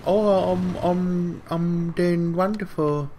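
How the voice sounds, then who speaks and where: A man's voice: sits high, steady tone, takes it slowly, mellow, slight background noise. A young man, mocking and insulting strangers in a game's voice chat through a headset. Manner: taunting, mocking and crude. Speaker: online troll. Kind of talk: trolling in game voice chat.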